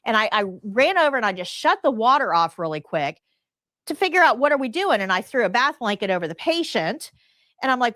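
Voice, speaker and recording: A middle-aged woman teaching a live nursing class, telling stories in an emphatic, lively way. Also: sits high, moderate pace, dry recording, studio quality. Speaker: nursing instructor.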